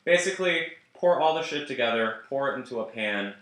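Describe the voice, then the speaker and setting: A man's voice: medium pitch, lively intonation, fairly quick, noisy background. British man, podcast co-host, jokey cooking chat, echoey room. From Britain. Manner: joking, laughs often. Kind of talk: casual chat while cooking.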